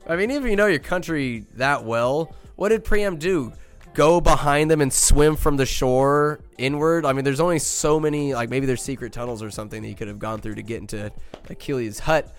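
Young man, podcast host, slangy, animated movie recap, faint music behind. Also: medium pitch, a little fast. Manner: animated, slangy, acts out quotes.

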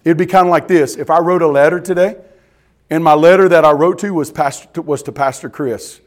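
A man's voice: a little high, brisk. A man pastor preaching a sermon, emphatic and repetitive, often asking the congregation questions.

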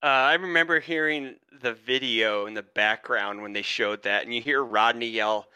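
Bright, crisp-voiced male podcast host. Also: medium pitch, normal speed, no echo. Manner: easygoing, many fillers and backchannel "yeah"s. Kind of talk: casual interview.

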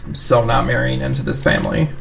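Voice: medium pitch, little pitch movement, fast talker, gravelly, noisy background. A player in a casual tabletop game, wry and joking.

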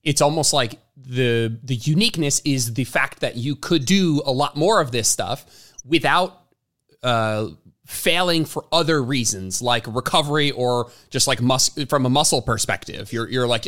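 A man's voice: medium pitch, normal speed, a bit bright. A man hosting a fitness podcast, enthusiastically restating his guest's points in casual chat. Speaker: podcast host.

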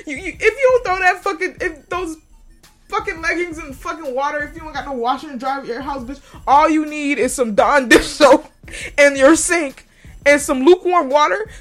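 A woman hosting a podcast, delivering a profane comedic rant and laughing often. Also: high voice. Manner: profane, loud, laughs a lot, yells mid-story. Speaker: podcast host. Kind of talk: casual comedic monologue.

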